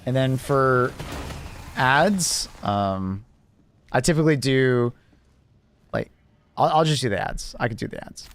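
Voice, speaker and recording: A young man chats casually with viewers during a live stream, his mid-range voice expressive as he rambles. He fills his talk with lots of fillers and quick bursts of laughter.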